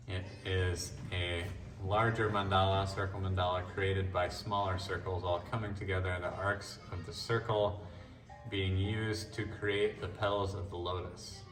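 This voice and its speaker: Deep-voiced man touring his gallery show. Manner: relaxed, rambling explanations with frequent restarts and fillers. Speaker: artist giving a gallery tour. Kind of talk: casual walk-through talk. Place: art gallery show room. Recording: echoey room from a distance with faint music.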